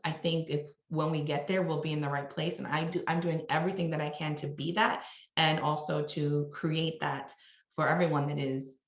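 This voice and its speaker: A woman's voice: low voice, echoey room, highs cut off. A woman from New York, a marketing executive, speaking as a guest in a podcast interview in a candid, conversational way with frequent restarts.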